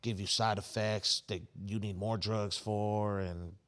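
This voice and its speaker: Slangy low-voiced man, podcast co-host. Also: steady tone, a little slow, fairly bright tone. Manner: heavy street slang, lots of "bro" and "you know". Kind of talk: casual chat.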